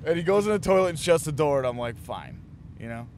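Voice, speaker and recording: A man's voice: a little high, expressive, very fast, a little mellow, a little hiss or hum. A man from a touring band's crew telling a rambling, profane road story in a casual chat inside a moving van. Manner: rambling, profane, self-mocking. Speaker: touring band crew member.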